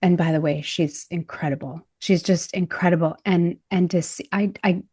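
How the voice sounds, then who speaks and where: A woman's voice: lowish voice, fairly even intonation, moderate pace, warm tone, slightly rough, no room sound, clean studio sound. A woman in a casual podcast conversation who talks animatedly, laughs often and acts out what people said. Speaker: podcast host and body image coach.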